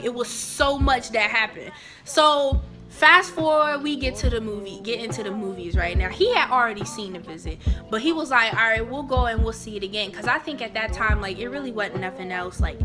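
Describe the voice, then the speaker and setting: A young woman telling a personal story in a casual, animated, chatty way. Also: fairly high pitch. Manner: animated, chatty, jumping into quoted voices. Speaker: vlogger.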